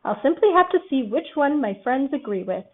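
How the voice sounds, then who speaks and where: A woman reading as a gentle honey-loving teddy bear. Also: high voice, big pitch swings. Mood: earnest. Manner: slow and simple-minded. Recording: tinny phone-like audio.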